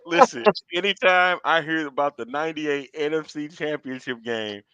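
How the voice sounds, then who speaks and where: A man hosting a sports talk show, laughing and lively between rants. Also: on the high side, moderate pace, smooth. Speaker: podcast host. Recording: dull lo-fi audio.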